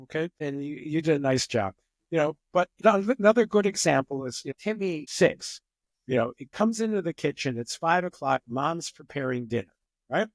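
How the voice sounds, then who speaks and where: On a podcast, an older psychologist with a notably high voice makes his points through animated stories, acting out the people in them. He speaks at a moderate pace, and the recording is dry and close.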